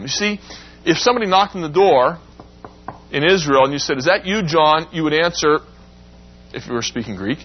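Man, class lecture, husky voice, dull lo-fi recording, acts out quotes. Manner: animated, acts out quotes with rising pitch. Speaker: Bible teacher.

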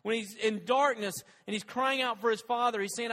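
Male pastor, higher-pitched, preaching in a loose, conversational way, recorded in a big echoing hall. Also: steady tone, brisk, bright, forceful tone. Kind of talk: sermon.

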